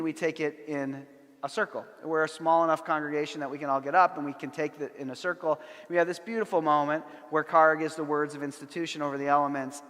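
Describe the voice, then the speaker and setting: Storytelling man in a reverberant church. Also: a little high. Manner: animated storyteller, dry humor, acts out quotes. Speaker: conference speaker. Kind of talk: plenary lecture with storytelling. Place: large church sanctuary. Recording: long hall reverb.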